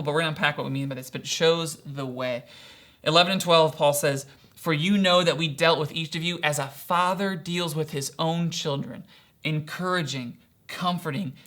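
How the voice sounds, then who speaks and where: A man's voice: a little high, a bit bright. A man preaching as a pastor in an earnest, conversational sermon, often asking rhetorical questions and using casual fillers. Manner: casual fillers like "kinda" and "right?".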